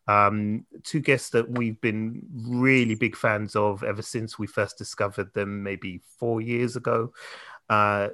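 A man's voice: fairly low pitch, fairly bright tone, dry recording, studio quality. A British man hosting a podcast over a video call, chatting loosely with lots of fillers. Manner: loose and rambling, many fillers. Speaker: podcast host. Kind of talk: casual podcast chat. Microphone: remote video call.

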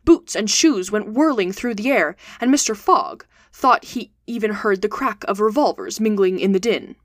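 A woman reads a classic adventure novel aloud as host of a storytelling show. Her voice is mid-pitched and steady, with clear, expressive narration. The recording is dry and close, with no room sound. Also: no echo.

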